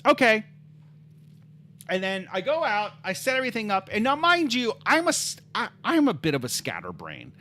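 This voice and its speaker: Streamer ranting thru a long story, lots of swearing, bright and bouncy voice. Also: medium pitch, huge pitch swings, fairly quick, hardly any pauses. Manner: rambling, profane, heated storytelling. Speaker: livestreamer. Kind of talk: casual livestream storytelling.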